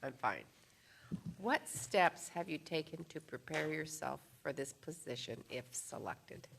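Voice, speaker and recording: A woman council member asking an applicant interview questions in a council chamber, measured and halting. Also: low-pitched, animated, vocal fry, fairly bright tone, a little hiss or hum. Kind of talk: interview questions at a public meeting.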